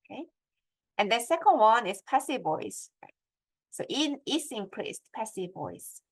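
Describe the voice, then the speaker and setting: A woman's voice: fairly high pitch, big pitch swings, unhurried, slightly rough. Woman lecturing on writing. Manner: explains step by step, asks the audience checking questions.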